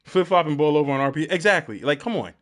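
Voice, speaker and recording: A young man streaming a game and ranting to his chat, animated and profane as he talks. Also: a little high, very fast. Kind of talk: live-stream gaming commentary.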